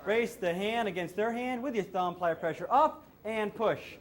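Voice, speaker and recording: A man's voice: sits high, normal speed. A male self-defense instructor coaching a hands-on class with short, repeated commands.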